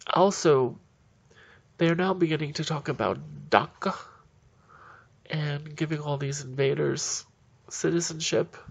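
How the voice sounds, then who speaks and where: Gravelly man ranting indignantly. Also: fairly high pitch, measured pace, pauses often. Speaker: political commentator. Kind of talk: solo political commentary.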